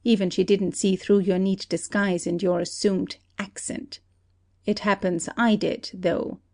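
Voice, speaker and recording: A woman voicing a shrewd country detective who calmly lays out an accusation in a play reading. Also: mid-range voice, close to an everyday voice. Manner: steady, deliberate accusing. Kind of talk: amateur audiobook play reading.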